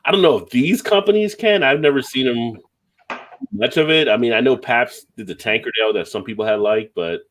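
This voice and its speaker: A man's voice: mid-range voice, animated, fairly quick, a bit bright, a little hiss or hum. A man hosting a casual beer live stream, reading viewer comments aloud and laughing often. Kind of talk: casual chat.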